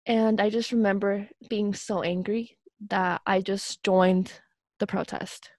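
A woman's voice: mid-range voice, fairly even intonation, slow, darkish tone, no echo, clean studio sound. A young woman in a casual chat, speaking in an earnest, reflective way.

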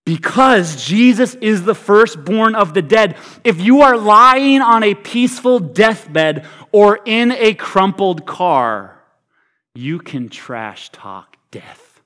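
Male preacher with a high voice, humorous and energetic, moving from big hype to near-hush; in a large auditorium. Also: slow. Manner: energetic and humorous, swinging from loud hype to hushed, quiet delivery. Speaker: pastor. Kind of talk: sermon. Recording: reverberant hall.

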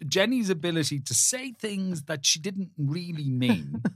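Teasing man with a lively voice. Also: high voice, unhurried, gravelly, husky, no room sound, clean studio sound. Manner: teasing storyteller, many restarts. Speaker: podcast co-host. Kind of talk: casual chat.

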